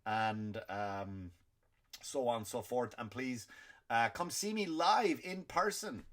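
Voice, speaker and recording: An Irish man hosting a comedy podcast, ranting in a loose stand-up style, often restarting and repeating words, swinging between loud outbursts and low muttering. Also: slow pace. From Ireland.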